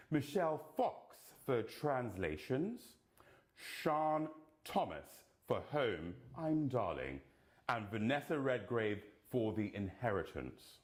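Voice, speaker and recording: Animated man reading award nominations. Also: mid-range voice. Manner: playful, camp asides and jokes; deliberate, unhurried reading of names. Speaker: awards announcer.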